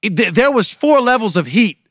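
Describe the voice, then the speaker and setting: A man's voice: big pitch swings, fairly quick, fairly bright tone, dry recording. Young male podcast co-host, joking hype-man energy, dry studio sound. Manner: playful, hyped, drops to low mock-solemn tones. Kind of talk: joking casual chat.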